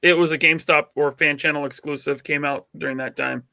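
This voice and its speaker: Dude co-hosting, teasing n opinionated, higher voice, bit of fry. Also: male voice, steady tone, fairly quick, bright, forceful tone, dry recording. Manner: opinionated, teasing, filler-heavy. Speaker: podcast co-host. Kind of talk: casual chat.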